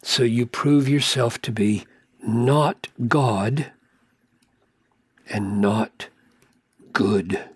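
A man teaching a sermon, slow and emphatic, sometimes dropping to hushed asides. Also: medium pitch, slightly rough, dry recording, clean studio sound. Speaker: pastor.

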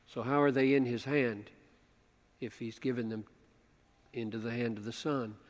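A man preaching an expository sermon, emphatic, with rhetorical questions, often dropping to a hush. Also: medium pitch, fairly even intonation, normal speed. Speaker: pastor. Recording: long reverb of a large hall.

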